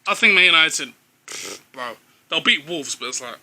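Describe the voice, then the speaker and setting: A man's voice: on the high side, animated, moderate pace, pushed and bright. A young man co-hosting football banter with his dad, teasing and quizzing him and swearing freely. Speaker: co-host, son.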